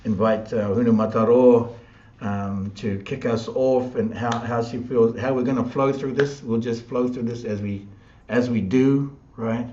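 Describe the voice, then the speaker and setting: A man hosting a live online chat, upbeat and quick to laugh. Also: medium pitch, fairly even intonation, dark tone, reverberant, muffled recording. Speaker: host.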